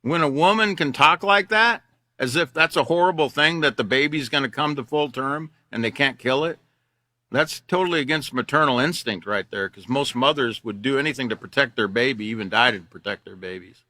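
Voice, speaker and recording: A man's voice: mid-range voice, fairly quick, sharp tone, no echo, clean studio sound. An older man teaching a class, reading news articles aloud and mocking them with sarcasm, repeating himself as he goes.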